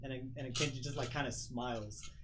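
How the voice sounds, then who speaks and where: A man's voice: mid-range voice, steady tone, fast talker, heavy background noise. A man narrating a home tabletop game as game master, rambling with many fillers and often laughing. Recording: dull home recording.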